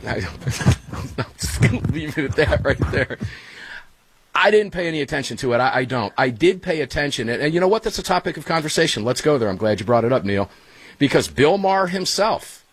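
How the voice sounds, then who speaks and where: A middle-aged man hosting a talk radio show from his studio, energetic and chummy, calling listeners guys and brother. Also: medium pitch, slightly rough, dry recording. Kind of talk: casual talk radio banter.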